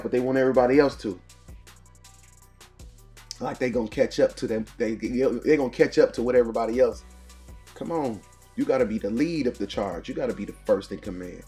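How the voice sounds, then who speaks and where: The voice is a man's, medium in pitch with a darkish tone, hosting a morning motivation show. His motivational talk comes in preachy, punchy, repeated lines with call-and-response rhythm.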